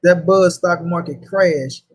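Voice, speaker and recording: High husky-voiced man ranting. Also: slow, poor audio. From St. Louis, USA. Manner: profane, slangy, repetitive rant. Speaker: boxing commentary host. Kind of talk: casual boxing talk.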